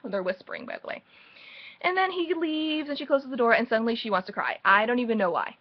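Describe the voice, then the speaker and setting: A woman's voice: mid-range voice, lively intonation, a little fast, dull audio. A woman recapping book chapters in a casual, rambling way, full of sarcastic and mocking asides. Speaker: book reviewer.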